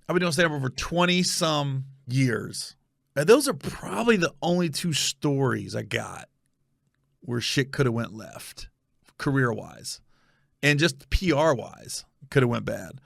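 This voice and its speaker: A middle-aged American man hosting a podcast, telling a story in a casual, animated way, acting out quotes and swearing freely. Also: a little high, vocal fry, no echo, clean studio sound. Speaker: podcast host.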